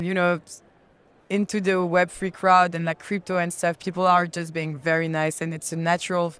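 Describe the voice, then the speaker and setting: A woman's voice: fairly low pitch, fairly bright tone, smooth. Woman with a strong French accent. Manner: halting, chatty, many fillers and restarts. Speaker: guest, brand representative. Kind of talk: casual conference interview. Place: conference expo hall. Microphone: handheld mic.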